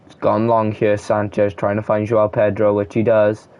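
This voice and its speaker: Heard through a muffled recording, a young man with a lowish, monotone voice and moderate pace provides relaxed commentary on a football video game. He reads off player names in short bursts and shouts at goals and chances.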